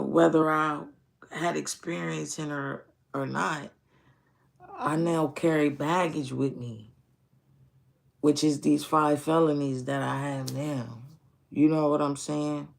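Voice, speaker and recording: A man's voice: a little high, vocal fry. A man telling his own story in a candid, reflective way, swearing often and repeating phrases, with speech. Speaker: streamer. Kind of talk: casual personal storytelling.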